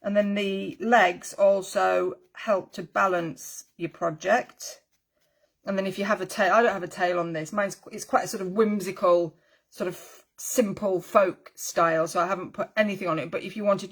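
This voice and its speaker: A woman's voice: medium pitch, fairly even intonation, normal speed. Chatty woman teaching crafts. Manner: chatty, friendly, with rambling asides and filler ums. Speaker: needle felting teacher. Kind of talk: casual craft tutorial.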